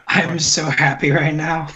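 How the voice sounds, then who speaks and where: A man's voice: on the high side, lo-fi sound, background noise. A man appearing as a guest on a casual podcast video call, playful and easygoing, a bit under the weather. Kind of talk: casual chat.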